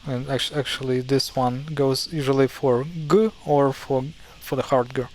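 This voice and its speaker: A man's voice: mid-range voice, steady tone, darkish tone, slight background noise, rough recording. A man with a Ukrainian accent casually explaining how words are pronounced, stopping and correcting himself often. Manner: halting, self-correcting, thinks aloud. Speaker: language teacher.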